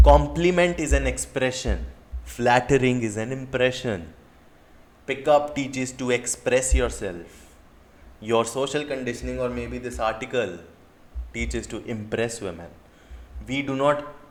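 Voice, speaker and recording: A man's voice: medium pitch, a little slow, roomy sound. A man with an Indian English accent, a dating coach ranting in a reaction video, firing off indignant rhetorical questions and swearing.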